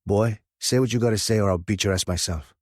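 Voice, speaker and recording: A man voicing a gruff adult male biker who talks in a blunt, growling, threatening way in an audiobook. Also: lowish voice, fast talker, no room sound, studio quality, voice pushed up, natural voice. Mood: furious.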